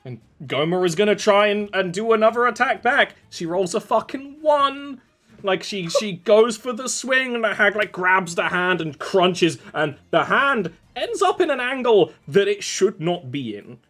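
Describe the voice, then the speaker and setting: A man running a tabletop game as game master, his pitch rising and falling with lively energy. He narrates casually, tossing off quick asides and laughing with his players, over faint music in the background.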